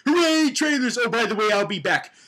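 A man's voice: high-pitched, normal speed, fairly bright tone, husky. A man voicing a gung-ho old cyborg soldier in a gleeful, cheering parody voice.

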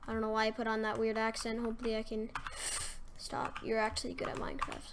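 Self-mocking excitable young gaming streamer. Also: female voice, fairly high pitch, quick pace, noisy background. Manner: self-mocking, excitable, with loud gasps and yelps. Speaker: gaming commentator. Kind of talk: casual game commentary.

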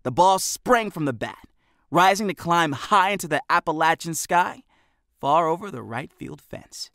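A man narrating an audiobook with expressive storytelling, recorded in a booth. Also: on the high side, a little slow, dry recording, clean studio sound. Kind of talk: scripted narration.

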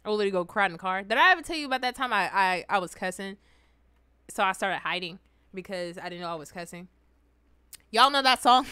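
A young adult woman hosting a reaction video, telling stories in an animated, slangy, exclamatory way. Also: mid-range voice, smooth, no echo. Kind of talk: casual reaction commentary and storytelling.

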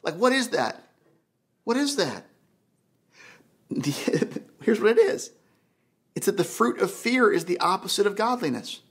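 A pastor preaching a sermon in an animated, conversational way, full of rhetorical questions. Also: male voice, high voice, a little slow, long pauses, slightly rough. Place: church.

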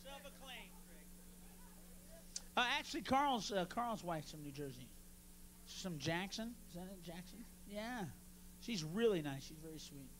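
A man doing a stand-up routine on a club stage, brash and profane, working the crowd and bursting into shouts. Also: high-pitched, big pitch swings, normal speed, slight background noise. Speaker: stand-up comedian.

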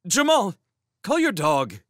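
A man's voice: mid-range voice, very animated, no room sound, studio quality, natural voice. A man doing a young merchant giving urgent orders. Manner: brisk, urgent instructions. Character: young male merchant in chains, urgent and commanding. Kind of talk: storybook character voice.

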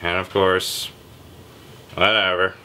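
A man hosting a comedic news vlog, sarcastic and irreverent, with a deliberately lazy, low delivery. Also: little pitch movement, bright, forceful tone, slight background noise. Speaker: vlog host.

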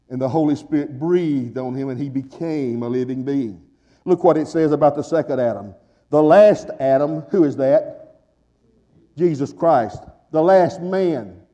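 Older guy preaching in church, highish mellow voice, big echoey hall, gets loud and fired up. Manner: fervent preaching that builds to shouts, calling the congregation to respond. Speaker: pastor. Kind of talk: sermon. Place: church sanctuary.

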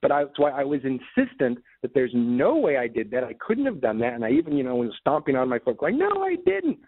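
A man telling a personal story as an interview guest, speaking haltingly with many fillers and restarts. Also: mid-range voice, very animated. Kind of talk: casual storytelling. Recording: tinny phone-like call audio.

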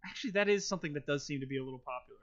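A man's voice: on the high side, very fast, a bit bright. A man co-hosting a podcast, chatting in a wry, meandering way. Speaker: podcast co-host. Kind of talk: casual chat. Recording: dull lo-fi mic.

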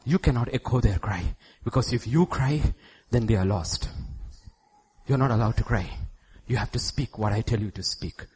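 A middle-aged man from India preaching a sermon in church, acting out God's words and shifting from hushed tones to loud outbursts. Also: mid-range voice, normal speed, husky. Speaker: pastor.

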